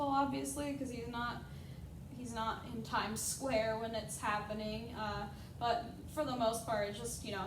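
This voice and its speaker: A woman giving a casual, enthusiastic presentation, peppered with frequent uhs. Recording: echoey, distant mic, noisy rumble.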